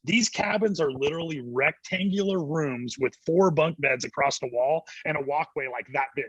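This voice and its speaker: A middle-aged man, a youth ministry director, telling an animated story as a guest on a church interview show. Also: a little high, husky, dry recording, muffled recording. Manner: animated storyteller acting out quotes, quick laughs.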